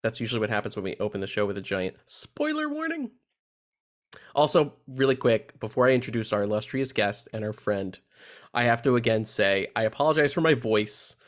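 A man's voice: mid-range voice, big pitch swings, fairly quick. A man hosting a casual podcast, congested from a head cold, profane and joking as he talks. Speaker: podcast host.

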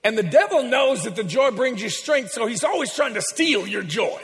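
A man preaching a sermon in a church, exuberant and joking with the congregation, building up to shouts. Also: very high-pitched, animated, moderate pace, in a large hall. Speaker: pastor.

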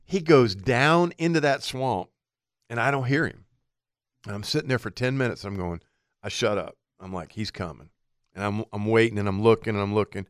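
Man, radio co-host, animated storyteller, smooth resonant voice, dry studio sound. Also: lowish voice, brisk, no echo. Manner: animated storyteller acting out his own thoughts. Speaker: radio outdoor show co-host.

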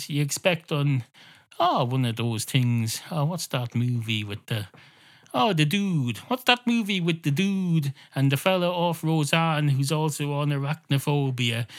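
A man hosting a comedy podcast, rambling through a digressive comic monologue. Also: fairly high pitch. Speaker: podcast host.

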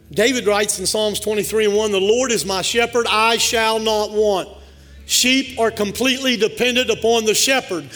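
A man with a very high voice preaches a fervent sermon, swelling into shouts as he calls for responses from the congregation. Soft music hums in the background of the church. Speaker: pastor. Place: church sanctuary.

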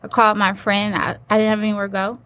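A woman's voice: medium pitch, flat delivery, quick pace, a bit bright. A woman guest telling a personal story in an interview, earnest and acting out the voices she quotes. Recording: faint background noise.

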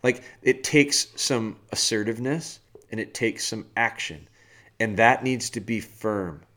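A man hosting a dog-training podcast, delivering a blunt, animated rant in a casual way. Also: fairly low pitch. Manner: blunt, animated, firm and fast-talking. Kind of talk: casual ranting monologue.

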